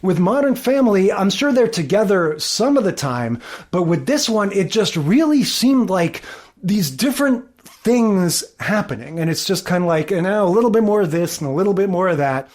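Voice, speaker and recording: Rambling podcast co-host, mid pitch. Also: big pitch swings, normal speed, darkish tone. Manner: rambling, lots of fillers like "kinda like". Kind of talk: casual chat about sitcoms.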